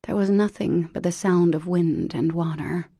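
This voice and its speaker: A woman reading an emotional audiobook in measured narration. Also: fairly low pitch, fairly even intonation, gravelly, warm tone, husky, no echo, studio quality.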